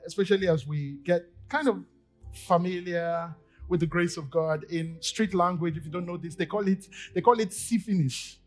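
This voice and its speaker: A Nigerian man preaching a sermon in church, acting out little scenes in quoted voices and swinging from loud bursts to quiet asides. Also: high-pitched. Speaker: pastor. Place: church service.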